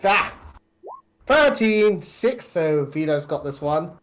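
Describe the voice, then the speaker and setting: A man with a somewhat high voice banters at a tabletop game. He is jokey and chuckles often while he teases the other players. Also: animated, takes it slowly, background noise. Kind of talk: playful table talk.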